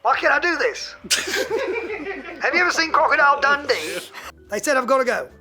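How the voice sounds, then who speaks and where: Someone faking a loud British fan caller. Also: mid-range voice, expressive, normal speed, over music, natural voice. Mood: rowdy. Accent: mock British slipping into Australian. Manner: boisterous, laughing at own accent.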